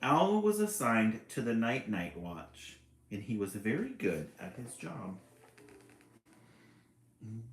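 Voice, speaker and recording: A man's voice: lowish voice, sing-song, slow, long pauses. A man reading a children's book aloud on a live stream, chuckling often and chatting about the pictures. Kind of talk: live read-aloud with commentary. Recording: echoey room with faint ambience.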